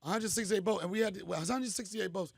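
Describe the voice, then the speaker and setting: A middle-aged comedian hosts an event crowd, telling loose, slangy, joking stories. His voice is high-pitched and quick, with vocal fry, captured in a dry studio-quality recording.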